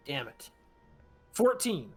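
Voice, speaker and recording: A man's voice: a little high, sing-song, slow, a little mellow, slightly rough, faint music behind. A man playing in a tabletop game, asking long, curious, rambling questions in casual chat. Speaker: player.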